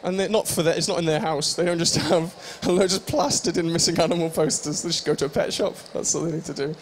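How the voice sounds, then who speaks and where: A man's voice: fairly high pitch, steady tone, quick pace, slight background noise. A young man hosting a live stage show, joking and teasing the audience in improvised comic banter. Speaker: stage host at a live fan convention.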